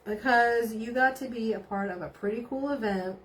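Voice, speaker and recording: Reading viewer comments during a casual live stream, a bubbly, giggly middle-aged woman speaks at normal speed in a fairly high voice. There's a little hiss or hum in the audio.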